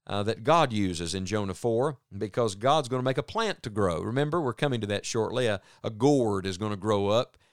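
Earnest man teaching scripture, smooth low voice. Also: expressive, normal speed, few pauses, dry recording, studio quality. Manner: earnest, reads scripture aloud then explains it. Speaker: Bible teacher. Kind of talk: radio Bible teaching.

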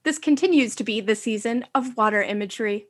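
A woman co-hosting a casual podcast, recapping a TV episode with dry, brisk quips. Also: a little high. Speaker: podcast co-host.

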